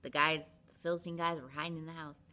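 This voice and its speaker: A woman's voice: low voice, fast. A woman Sunday school teacher retelling a Bible story to children in a chatty, casual way, full of "like" and "um". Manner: chatty, animated, lots of "like" and "um".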